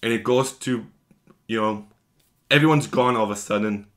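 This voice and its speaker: A man's voice: on the low side, normal speed, fairly bright tone. A man giving an enthusiastic, gushing episode recap as a video reviewer, talking in long run-on strings.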